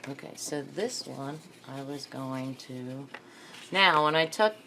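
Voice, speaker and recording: A woman with a Texan accent and a strikingly deep voice talks her way through a craft project. She mutters half to herself as she works. A faint hiss of room noise sits behind her. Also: animated, takes it slowly, vocal fry. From North Carolina. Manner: chatty, muttering to herself while working. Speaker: craft vlogger. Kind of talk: casual crafting chat.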